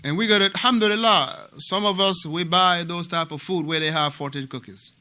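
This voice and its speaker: In a mosque, an African man teaches a class in a high, very bright voice with a clear, resonant tone. His lecturing is animated: he repeats himself and checks on his students with quick questions.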